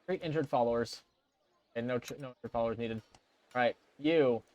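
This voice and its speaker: A man's voice: mid-range voice, a little fast, darkish tone, no room sound. Man, let's play commentator, casual, reads game text, dry recording. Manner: reads game text aloud, thinking aloud with fillers.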